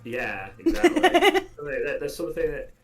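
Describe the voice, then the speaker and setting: A man serving as community ambassador on a casual gaming livestream, talking in halting bursts with many fillers. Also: on the high side, wildly swooping pitch, over music. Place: gaming livestream with game music behind.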